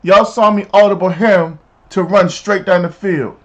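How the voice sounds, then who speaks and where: A man streaming a football video game, chatting casually and telling stories in an animated, slangy way. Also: high voice, unhurried, highs cut off. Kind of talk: casual live-stream chat while gaming.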